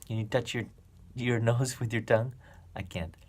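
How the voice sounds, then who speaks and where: A man reading a children's picture book aloud to a young child as a reading teacher, playful, with animal sounds and soft whispers. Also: medium pitch, steady tone, normal speed.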